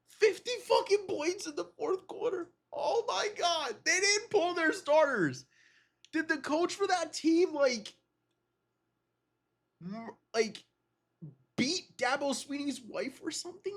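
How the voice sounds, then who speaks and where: A man with a cold, reacting to simulated game results in an excitable, disbelieving way and swearing often. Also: very high voice, unhurried. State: has a cold. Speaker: gaming video creator.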